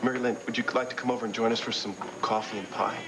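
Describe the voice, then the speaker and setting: A man's voice: mid-range voice, little pitch movement, very fast, background noise, close to an everyday voice. Actor playing a teasing young man. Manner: teasing, joking. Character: joking young man, a porter. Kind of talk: 1980s soap opera acting.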